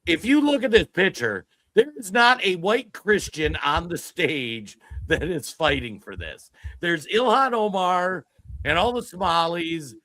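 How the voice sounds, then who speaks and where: Guy on a political podcast, lively swoopy delivery, bright sharp tone, restarts a lot. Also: sits high, measured pace, dry recording. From Minnesota. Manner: animated, emphatic, frequent restarts. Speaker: podcast co-host. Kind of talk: political commentary chat. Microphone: streamed podcast mic.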